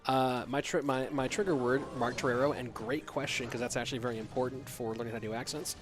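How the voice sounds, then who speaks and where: A man commentating a live esports match from his home setup, breaking off mid-play to chat with viewers. His talk is loose and rambling, full of restarts and asides. Faint music runs quietly underneath. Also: mid-range voice, fairly even intonation, fast.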